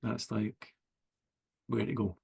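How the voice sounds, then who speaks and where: A Scottish writer in a relaxed video-call interview, easygoing and often chuckling as he talks. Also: fairly low pitch, slow pace, creaky, husky. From Scotland. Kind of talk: casual interview chat.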